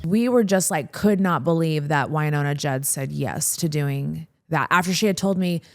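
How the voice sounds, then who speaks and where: Woman podcast host, lowish voice, excitable casual storytelling. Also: moderate pace. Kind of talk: casual chat.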